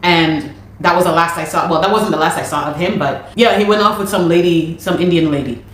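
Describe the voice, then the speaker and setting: Exasperated low-voiced woman in an echoey room. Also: brisk. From Canada. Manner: animated, exasperated retelling with many restarts. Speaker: musician. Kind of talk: personal account of a dispute.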